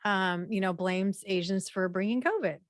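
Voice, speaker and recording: A woman's voice: medium pitch, normal speed, dry recording. Woman presenting a workshop, dry sound. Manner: conversational, frequent fillers and throat clearing.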